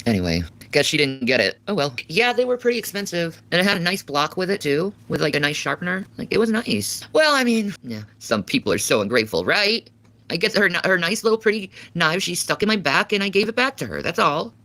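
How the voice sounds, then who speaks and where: Sarcastic, foul-mouthed woman streamer with a lively voice. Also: sits low, brisk, no echo. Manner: crude, sarcastic, swears a lot. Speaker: livestreamer reading chat. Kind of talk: casual live-stream chat.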